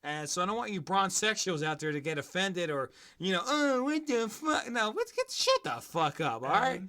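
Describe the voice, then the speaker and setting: A man's voice: on the high side, wildly swooping pitch, fairly quick, bright, forceful tone. A man hosting a casual sports podcast, ranting in a profane, heated and mocking way. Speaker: podcast host.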